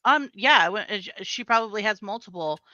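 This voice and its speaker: A woman's voice: medium pitch, lively intonation, fairly quick, sharp tone, no echo. Weary woman on dull lo-fi audio. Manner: weary, pointed, addresses absent person. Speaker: co-host guest. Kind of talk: casual commentary chat.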